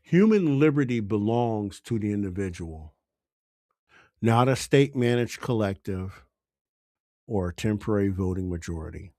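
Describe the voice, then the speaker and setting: A man's voice: on the low side, lively intonation, moderate pace, dark tone, dry recording, studio quality. A man giving an impassioned political monologue as a commentator, exhorting listeners with fervent, urgent appeals.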